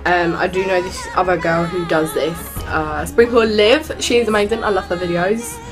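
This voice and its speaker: A woman's voice: on the low side, normal speed, music in the background. A teenage girl, vlogging in a rambling, chatty way and calling people sweetheart and darling. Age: teens. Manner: rambling, jumps from subject to subject. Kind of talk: casual chatty vlog.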